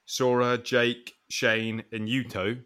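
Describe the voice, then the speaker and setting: A man's voice: mid-range voice, flat delivery, takes it slowly, pushed and bright. A man hosting a casual podcast chat, joking and swearing as he goes through names. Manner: banter with swearing. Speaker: podcast host.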